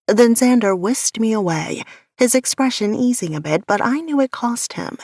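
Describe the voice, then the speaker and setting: Woman, audiobook narrator, first person, measured soft delivery, dry close sound. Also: medium pitch, expressive, no echo.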